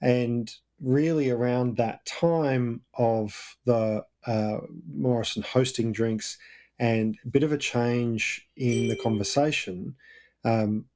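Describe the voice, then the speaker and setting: A man's voice: mid-range voice, fairly even intonation, slow pace, a little mellow. A man co-hosting a political podcast, often chiming in with short agreements. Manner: brief agreeing interjections. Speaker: podcast co-host. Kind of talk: casual political chat.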